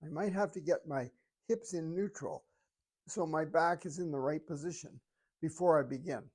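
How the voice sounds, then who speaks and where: A fitness instructor giving calm, step-by-step exercise coaching while demonstrating the moves. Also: medium pitch, normal speed.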